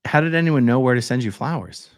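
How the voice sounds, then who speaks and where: A man's voice: mid-range voice, expressive, quick pace, no echo, studio quality. A man hosting a livestream, reading viewer comments aloud in a laid-back way, and chatting with his guest. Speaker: livestream host reading chat. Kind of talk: casual livestream chat.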